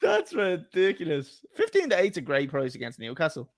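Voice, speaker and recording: A man's voice: mid-range voice, huge pitch swings, quick pace, no room sound, clean studio sound. A man co-hosting a football podcast, chatty and laughing, swearing freely in casual banter. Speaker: podcast co-host. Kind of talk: casual chat.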